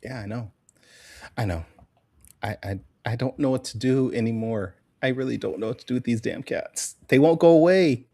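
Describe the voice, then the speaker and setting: A man's voice: medium pitch, normal speed, warm tone, no echo. A man hosts a casual comics podcast, teasing his co-host and opening with a mock ringmaster introduction. His voice sits in a middle register. The mic is close and dry, with no room sound. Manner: playful, joking, announcer flourish.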